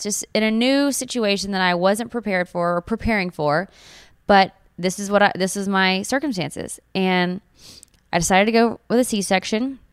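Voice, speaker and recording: Woman in her thirties, new mom sharing her birth story, earnest and gushing, smooth clear voice, dry close sound. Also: medium pitch, dry recording. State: tearful at times. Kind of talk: personal storytelling.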